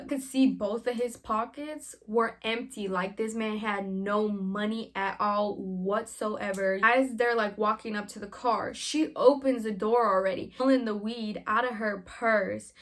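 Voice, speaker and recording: A young woman vlogger telling a story in a casual, animated way, full of slang and swearing. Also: fairly high pitch, unhurried, few pauses.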